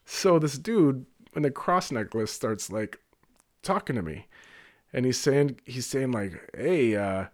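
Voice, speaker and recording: A man at an ordinary middle pitch spins a loose, winding anecdote from his bartending days. His delivery is animated and digressive, and he breaks into laughter between phrases. It sounds like casual, unscripted storytelling. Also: measured pace.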